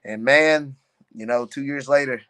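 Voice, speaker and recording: A young man, a fighter, chatting on a podcast and telling stories in a loose, animated way, full of "man" and "you know.". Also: mid-range voice, measured pace, a little hiss or hum. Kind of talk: casual podcast chat.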